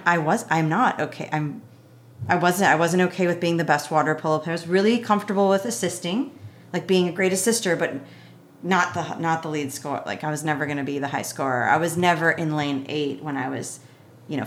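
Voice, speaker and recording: A woman with a fairly low speaking voice, recounting a personal story as a podcast guest. Her talk is loose and chatty, peppered with "like", and she slips into the voices of both people in the exchange. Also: fairly quick. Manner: chatty, heavy on "like", acts out both sides of conversations. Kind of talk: casual storytelling.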